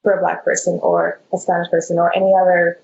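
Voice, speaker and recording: A woman's voice: lowish voice, fast talker, vocal fry. A young woman speaking earnestly as a panelist, often acting out what other people say in quoted bits. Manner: earnest, animated quoting of others' words. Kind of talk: candid panel discussion. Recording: dull lo-fi audio with faint noise.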